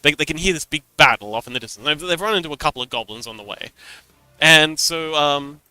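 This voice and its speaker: Male streamer, game master, casual and animated storyteller, slightly high voice, bright tone. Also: brisk, clear, resonant tone, dry recording, faint music behind. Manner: animated storytelling, laughs often. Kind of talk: casual livestream chat.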